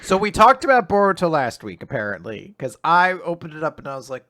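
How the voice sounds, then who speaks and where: A man's voice: fairly high pitch, very animated, a little fast, sharp tone, dry recording, clean studio sound. Easygoing man chatting about manga. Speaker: podcast co-host. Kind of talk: casual chat about manga.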